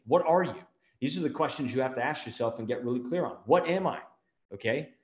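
A middle-aged man hosting a motivational business talk, energetic, firing off rapid rhetorical questions. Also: on the high side, echoey room. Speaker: marketing agency owner and show host.

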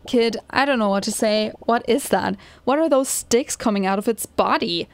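A woman reading the lines of an uncle figure in a video game, giving a quick, earnest pep talk. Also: fairly high pitch, natural voice. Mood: encouraging.

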